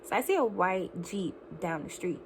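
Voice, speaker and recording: A young woman tells a wild personal story to camera in an animated storytime vlog. She laughs often and fills her talk with "like." A faint hiss sits under her voice. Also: on the low side, moderate pace. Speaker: vlogger.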